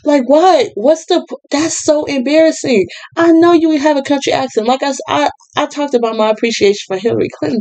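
A woman's voice: high-pitched, fairly quick, few pauses, darkish tone, rough recording. A woman giving casual political commentary in an exasperated, sarcastic tone, with lots of fillers. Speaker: commentary vlogger.

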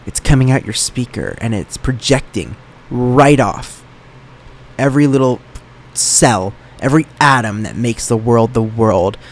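A man's voice: mid-range voice, measured pace. A young man hosting his own solo podcast from his bedroom, rambling in a playful, self-mocking way. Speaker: podcast host. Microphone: microphone in his room. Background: faint fan running.

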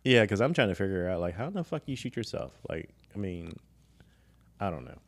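A man in his forties with a deep voice co-hosts a casual podcast. He talks bluntly and swears freely. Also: big pitch swings, brisk. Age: 40s. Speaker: podcast co-host. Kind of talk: casual chat.

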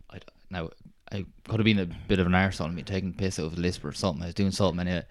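A man's voice: low voice, fairly even intonation, very fast, no room sound. A young Irish man, a podcast co-host, rambling and self-mocking about school days. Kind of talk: casual chat, storytelling.

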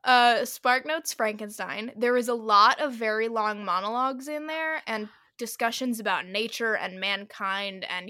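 Bright-voiced woman chatting animatedly. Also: mid-range voice, dry recording, clean studio sound. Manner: animated retelling, lots of "like", quick asides. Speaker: podcast co-host. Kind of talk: casual chat.

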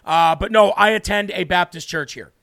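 High-voiced earnest preaching man. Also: vocal fry, fairly bright tone. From northern United States. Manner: earnest, emphatic, reads scripture slowly. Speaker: host and preacher. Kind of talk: livestream Bible teaching.

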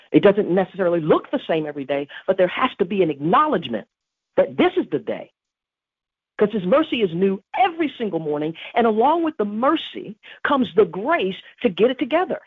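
Husky preacher on a tinny line. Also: medium pitch, animated, fast talker, no room sound. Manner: emphatic, repeats key phrases. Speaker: podcast host teaching on prayer. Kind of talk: devotional teaching. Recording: tinny phone-like dry recording.

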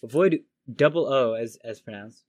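Reading a pronunciation guide aloud for his friends, a man at medium pitch keeps it casual, stopping and starting over as he works through it.

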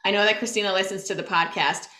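A young woman co-hosting a podcast, telling stories in a lively chatty way and laughing often. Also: medium pitch, fast talker, echoey room. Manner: animated storytelling, laughs often. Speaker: podcast co-host. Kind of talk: casual chat.

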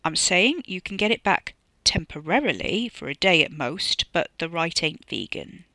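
A narrator voicing a gruff, laid-back young man in an audiobook, speaking low and quiet, often half-whispered. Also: very animated, moderate pace, no echo, exaggerated voice. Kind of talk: audiobook character voice.

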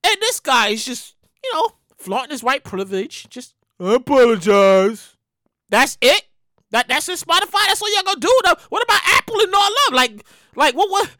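High, lively woman ranting indignantly. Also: fairly quick, no room sound, studio quality. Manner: animated, indignant, repeats herself, swears. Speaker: show host. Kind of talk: ranting commentary.

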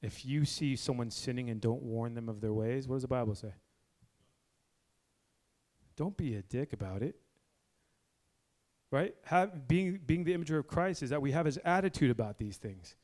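A man in his forties preaching a blunt, fiery sermon to a men's group indoors, moving between low, quiet stretches and loud exhortation. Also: animated, moderate pace, pauses often. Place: indoor room with a gathered group.

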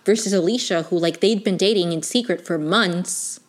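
A woman's voice: fairly low pitch, moderate pace. Rambling young woman reviewing a show. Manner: rambling, many "like" fillers and restarts; gushing, emotionally invested. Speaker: TV review vlogger. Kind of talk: casual chatty review.

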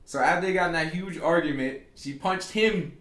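A man with a slightly high voice rambles through a story on a casual podcast, slipping into the voices of the people in it. The room is echoey around him. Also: normal speed, fairly bright tone. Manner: rambling storyteller, acts out quotes. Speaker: podcast co-host. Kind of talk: casual chat.

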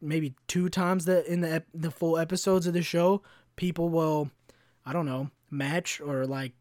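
Young man ranting profanely, slightly high voice. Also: fairly even intonation, unhurried, darkish tone, no echo, clean studio sound. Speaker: podcast host. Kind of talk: solo podcast rant.

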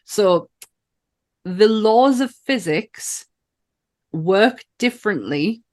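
A woman's voice: medium pitch, very slow. A woman co-hosting a podcast about films, chatting casually, swearing freely and laughing between points. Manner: animated, sweary, laughs often. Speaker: podcast co-host. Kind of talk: casual film chat.

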